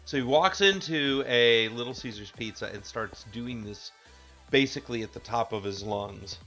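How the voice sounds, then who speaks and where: A man chatting on a livestream, telling a story haltingly with many pauses and ums. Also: mid-range voice, bright, forceful tone, soft background music. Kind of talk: casual livestream chat.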